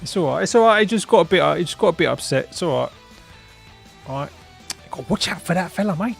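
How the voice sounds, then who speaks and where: A man's voice: sits high, expressive, quick pace, gravelly, breathy edge, faint music behind, exaggerated voice. A man voicing a cheery snake handler in a put-on Cockney accent that drifts toward Australian, brash and breezy about danger. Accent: put-on Cockney mixed with Australian.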